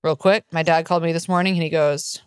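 A woman with a slightly low voice, talking casually as a podcast co-host. She tells stories with energy, restarts her sentences and acts out other people's lines. The sound is close and dry. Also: quick pace, clean tone, no room sound. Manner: animated storyteller, acts out quoted lines with frequent restarts. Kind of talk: casual chat.

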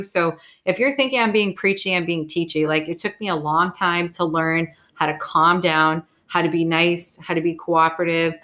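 Give me a blunt, chatty young woman hosting a podcast, pitched slightly low. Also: fairly bright tone. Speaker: podcast host. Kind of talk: casual solo podcast monologue.

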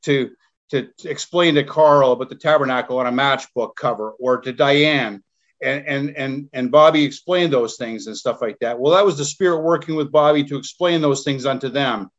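A man's voice: mid-range voice, moderate pace. Earnest man preaching over a lo-fi call. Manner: repetitive, earnest exhortation with stumbles. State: ill with covid. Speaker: Bible class teacher. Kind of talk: preaching in an online Bible class.

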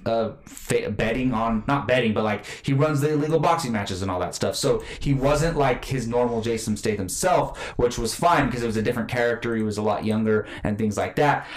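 A man's voice: medium pitch, a little fast, hardly any pauses. Rambling man in an echoey room. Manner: rambling, animated, many fillers and restarts. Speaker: podcast co-host. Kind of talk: casual movie chat.

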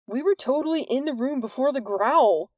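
A woman voicing a cheeky, wisecracking teenage schoolboy who talks in a low, dry, sarcastic way. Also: lively intonation, normal speed, darkish tone, no room sound.

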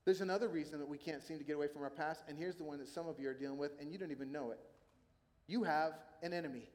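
A man preaching a sermon as a pastor, in a conversational, animated storytelling manner. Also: a little high. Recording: long hall reverb.

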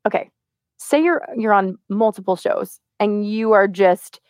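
A woman co-hosting a casual podcast and giving voice tips, with a slight vocal fry and an animated, lively delivery. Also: medium pitch, a little slow, no echo, studio quality. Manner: lively, animated, lots of laughs and vocal demos. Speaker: co-host, voice-over artist.

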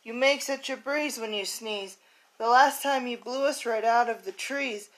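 A woman reads aloud as a group of anxious monkeys in a children's book. The voice sits a little high and moves slowly, pleading through the rhymes. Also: a bit bright, poor audio.

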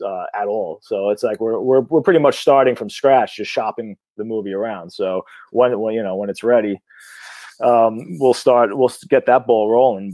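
A man talking about his film work in a loose, casual interview. His voice sits at an ordinary pitch, and he swears a lot and restarts his sentences. The sound is close and dry. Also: no room sound. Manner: blunt, swears freely, energetic, rambling with restarts. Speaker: indie horror filmmaker.

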